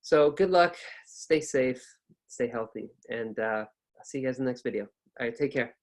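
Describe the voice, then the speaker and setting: A man's voice: medium pitch, moderate pace. Man demonstrating intonation with exaggerated rises. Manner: repeats points patiently and encouragingly. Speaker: English pronunciation teacher. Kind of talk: online pronunciation lesson.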